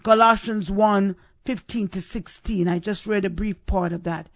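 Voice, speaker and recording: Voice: medium pitch, fairly even intonation, normal speed, dry recording. A preacher giving a sermon, stressing points and repeating key questions for emphasis.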